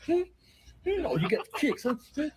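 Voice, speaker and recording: A man's voice: very high voice, sing-song, normal speed, heavy background noise, pitched above the performer's own voice. A man voicing a brash, trash-talking male ram in a comedic animal voiceover, full of street slang and taunts. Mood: irritated. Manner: taunting, boastful, loud street banter.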